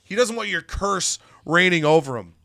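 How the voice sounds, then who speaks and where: A man's voice: high voice, animated, normal speed, vocal fry, bright, forceful tone, dry recording, exaggerated voice. A man voicing a cocky, arrogant male pro wrestler delivering taunting trash talk in a game story.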